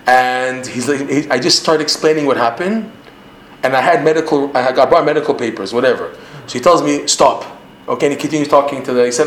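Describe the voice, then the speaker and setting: A man with a Canadian accent teaching a Torah class in an animated way, quoting Hebrew lines and then translating them. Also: fairly high pitch, a little fast, roomy sound, a little hiss or hum.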